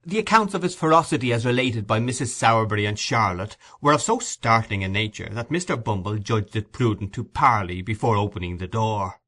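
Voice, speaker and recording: Bright-voiced male audiobook narrator. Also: lowish voice, expressive, brisk, few pauses. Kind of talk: audiobook reading of a classic novel.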